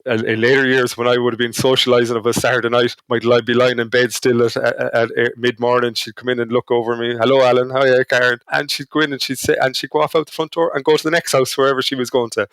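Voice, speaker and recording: A man's voice: medium pitch, flat delivery, fast, few pauses, fairly bright tone, dry recording. A man with an Irish accent, a podcast guest telling anecdotes in a casual, self-deprecating way. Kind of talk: casual storytelling chat.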